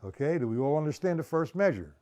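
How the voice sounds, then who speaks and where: A man runs a live-streamed drum lesson, counting each beat aloud and breaking it down step by step. He talks bluntly and keeps asking viewers if they follow. His voice moves through a lively range of pitch. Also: fast. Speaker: drum teacher.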